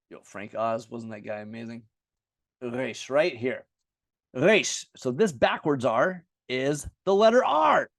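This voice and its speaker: A man's voice: mid-range voice, lively intonation, slow pace, vocal fry, no room sound, studio quality. American man drilling Hebrew letters. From United States. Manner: drills each letter name aloud over and over. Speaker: Bible and Hebrew teacher. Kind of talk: casual teaching lesson.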